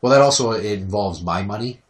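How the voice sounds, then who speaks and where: A man co-hosting a casual podcast chat, talking loudly by nature and ranting with lots of swearing. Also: fairly low pitch, moderate pace. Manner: loud natural speaking voice; profane, ranting storyteller. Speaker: podcast co-host.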